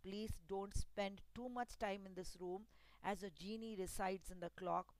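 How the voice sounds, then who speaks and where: A woman's voice: mid-range voice, fairly even intonation, unhurried, no echo, close to an everyday voice. A woman voicing a museum guard who gives an earnest warning, in a storybook reading.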